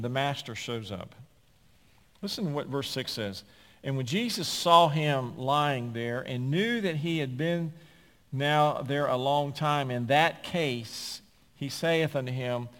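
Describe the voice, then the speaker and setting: Male pastor, sermon delivery, fairly high voice, dramatic loud-soft swings, long church reverb. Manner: emphatic preaching with dramatic swings between loud and hushed. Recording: long reverb of a large hall.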